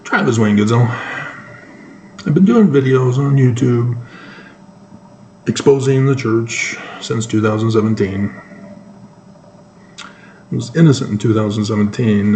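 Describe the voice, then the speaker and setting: A man giving solo news commentary on his own channel, talking in a halting way with sudden emphatic bursts. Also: lowish voice, darkish tone, echoey room, slight background noise. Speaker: YouTube commentator.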